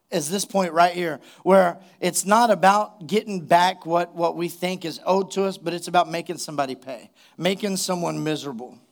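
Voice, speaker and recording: A man preaching a sermon as a pastor, emphatic and full of rhetorical questions to the congregation. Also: high-pitched.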